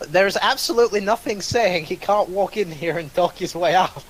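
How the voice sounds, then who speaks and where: A man's voice: high voice, fairly quick, slight background noise, rough recording. A man running a tabletop game as game master, narrating with frequent uh's, repeated words and dry, self-mocking asides.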